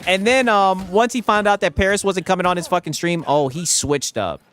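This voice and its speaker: A man's voice: high voice, a little fast, a bit bright. A man chatting casually on a stream, telling stories with frequent laughter and swearing.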